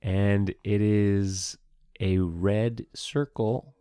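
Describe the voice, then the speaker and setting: A man narrating a tabletop game as game master, slow and laughing often. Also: on the low side, level tone, dark tone, smooth, no echo, studio quality.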